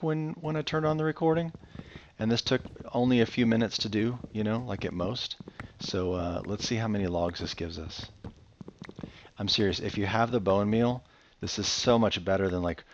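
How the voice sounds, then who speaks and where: Laid-back man with a lowish voice, rambling gameplay commentary, faint hiss behind. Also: lo-fi sound. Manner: chatty and enthusiastic. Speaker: Minecraft let's-play host.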